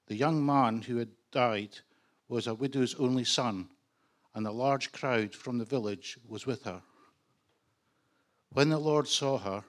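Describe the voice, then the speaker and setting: A man from the congregation reading a Bible passage aloud in a steady read-aloud manner. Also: mid-range voice. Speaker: congregation member reading scripture.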